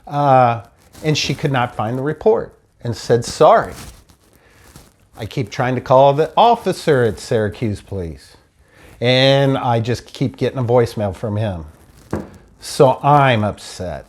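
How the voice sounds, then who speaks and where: A man telling his own true story in an animated, frustrated way, acting out the people he dealt with. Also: mid-range voice, measured pace, pauses often, faint music behind. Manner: animated, frustrated retelling with quoted dialogue. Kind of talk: personal storytelling.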